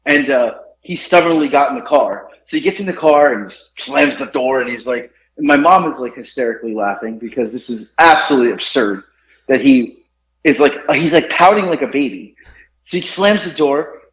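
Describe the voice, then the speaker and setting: A man in his forties telling stories on a casual podcast, animated and laughing often. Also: mid-range voice, normal speed. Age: 40s. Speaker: podcast co-host. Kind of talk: casual storytelling chat. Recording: roomy, dull lo-fi sound.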